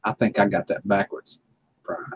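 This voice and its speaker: A man's voice: lowish voice, flat delivery, normal speed, slightly rough, no room sound, low-quality recording. A man hosting a casual livestream, chuckling and telling laid-back stories to viewers. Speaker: livestream host.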